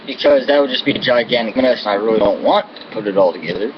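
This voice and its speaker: A man's voice: on the low side, fast. An American man delivering an angry, profane political rant to camera, full of contempt and insults. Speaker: vlogger. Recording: dull lo-fi audio with air-conditioning hum.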